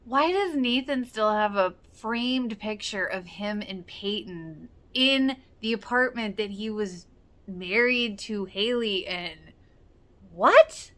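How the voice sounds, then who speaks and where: A woman talks through a TV episode in a loose, chatty way. She exclaims often and slips into quoting the characters as she reacts. Her voice sits at an ordinary mid pitch. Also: takes it slowly, a bit bright. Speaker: rewatch reaction host. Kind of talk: casual reaction commentary.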